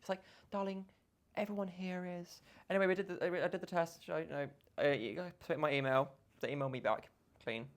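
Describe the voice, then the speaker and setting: A young man, a podcast guest telling animated stories in casual chat. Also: on the high side, quick pace. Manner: animated storytelling with quoted voices.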